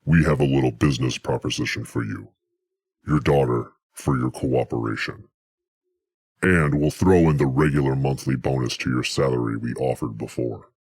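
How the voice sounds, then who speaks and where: A man's voice: a bass voice, normal speed, darkish tone, slightly rough, no room sound, voice pushed down, full character voice. A man voicing a menacing, smug male gang boss who cackles and threatens over the phone.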